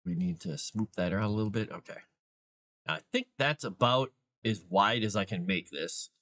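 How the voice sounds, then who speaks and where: A man with a low but very animated voice talks through his work step by step. He chats casually to viewers and to his cat as he goes. His delivery is relaxed, live-stream commentary. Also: moderate pace. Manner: thinks aloud while working, chats to viewers and his cat. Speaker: author and live-stream host.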